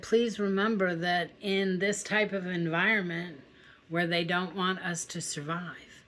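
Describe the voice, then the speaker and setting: A woman's voice: on the low side, a bit bright, slight background noise. A woman hosting a spiritual channel, talking straight to her viewers in a casual, heartfelt way, reassuring them and often checking in with "okay?". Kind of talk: casual heartfelt talk to camera.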